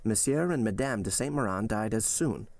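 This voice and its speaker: A stern middle-aged male doctor lays out his case in a measured, solemn tone, as a man reading the story puts him on. The voice is gravelly and close, in a dry room. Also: fairly low pitch, lively intonation, darkish tone, dry recording. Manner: solemn and deliberate.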